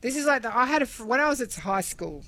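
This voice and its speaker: A woman's voice: on the high side, animated, quick pace, sharp tone. Chatty woman, laughing co-host. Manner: chatty, laughs easily, storytelling. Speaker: radio co-host. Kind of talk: casual chat.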